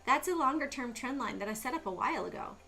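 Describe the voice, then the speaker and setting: Bright, animated woman hosting a market livestream. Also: high voice, fast, vocal fry, soft background music. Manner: animated, exclaims and asks rhetorical questions. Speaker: stock market livestream host. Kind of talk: casual chart commentary.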